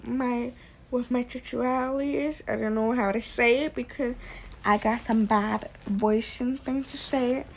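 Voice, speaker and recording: A woman with a high-ish, gravelly voice rambles slowly through a late-night bedroom vlog. She repeats herself, swings from loud ranting to soft near-whispers, and a faint hiss sits behind her. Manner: rambling, repetitive, drifting between loud rants and quiet near-whispers. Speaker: vlogger.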